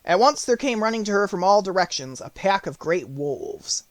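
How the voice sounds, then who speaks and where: A man reading an audiobook, narrating the story in clear, even tones. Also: high-pitched, moderate pace, no room sound.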